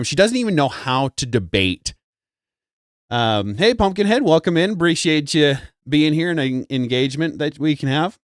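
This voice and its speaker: A man co-hosting a live stream, giving rambling, mocking casual commentary and often mimicking people in a higher voice. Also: fairly bright tone, no echo, studio quality. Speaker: co-host.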